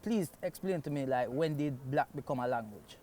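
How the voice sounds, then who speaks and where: A man's voice: medium pitch, moderate pace, very noisy. A man from Jamaica with a Jamaican accent, a guest comedian telling stories in casual chat and slipping into patois phrasing. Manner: animated storyteller, slips into Jamaican patois phrasing.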